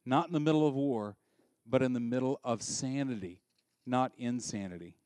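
A middle-aged man preaching a sermon, swinging from soft asides to loud, emphatic peaks. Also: medium pitch, moderate pace, no room sound. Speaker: pastor.

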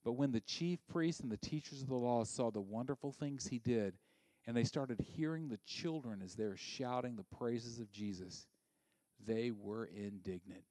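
Animated man preaching a sermon. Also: mid-range voice, moderate pace, dry recording. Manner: animated, dropping to a hushed near-whisper for emphasis. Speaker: pastor.

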